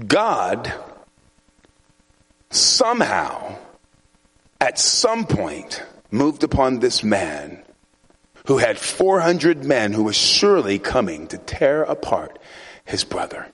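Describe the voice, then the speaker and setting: A male pastor delivering a storytelling sermon in a loose, conversational way. He chuckles often and drops into voices for the people in his stories. His voice sits at an ordinary middle pitch for a man. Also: huge pitch swings, takes it slowly, long pauses, a bit bright, breathy edge.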